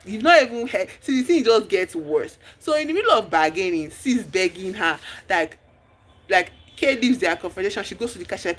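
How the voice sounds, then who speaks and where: A streamer, recapping a movie in casual chat, telling the story with lively exclamations and acting out the characters' lines. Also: mid-range voice, brisk. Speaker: livestream host.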